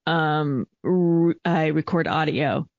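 A woman's voice: low-pitched, takes it slowly, dry recording. A woman co-hosting a podcast in casual chat, with many ums and frequent laughter. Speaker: podcast co-host. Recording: dull lo-fi dry audio.

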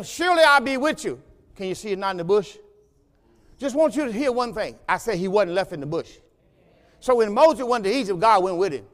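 A man pastor preaching a sermon, moving from conversational teaching to loud, rising exhortation in a church sanctuary. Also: high-pitched, big-room sound.

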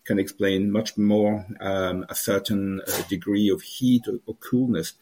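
A man's voice: lowish voice, steady tone, unhurried, dark tone, a little hiss or hum. A wine grower answering interview questions at length, with frequent "uh" fillers as he explains. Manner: hesitant, many "uh" fillers, explanatory.

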